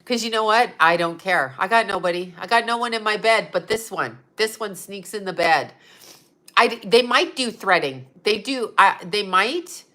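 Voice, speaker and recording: A woman in her fifties hosts a loose, chatty livestream. Her voice is bright and forceful, a little stuffed up in the nose. She swears freely and laughs easily as she replies to her viewers. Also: medium pitch, moderate pace. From Utah. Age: 50s. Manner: chatty, profane, laughs often, answers viewer chat. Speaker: psychic medium host. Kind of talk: casual livestream chat.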